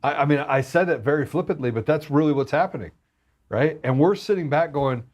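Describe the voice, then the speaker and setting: A man's voice: medium pitch, quick pace, darkish tone. Blunt, heated man on a podcast. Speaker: guest. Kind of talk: casual chat.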